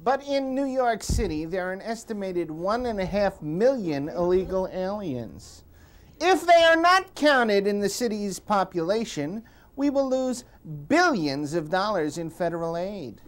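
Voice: medium pitch, very animated, a little slow. A performer playing an earnest liberal professor who gives formal, lecturing speeches in a TV comedy sketch.

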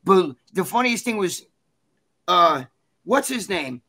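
A man's voice: high-pitched, very animated, slow, pushed and bright. A man being interviewed, talking casually and rambling, with lots of swearing and fillers. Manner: rambling, profane, many fillers. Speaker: interview guest. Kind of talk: casual chat.

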